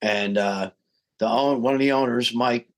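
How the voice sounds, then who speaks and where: Man, middle-aged, podcast guest, animated storyteller, mid-pitched voice. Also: normal speed. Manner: animated storyteller who acts out quoted voices. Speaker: podcast guest, rock singer. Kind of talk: casual storytelling interview.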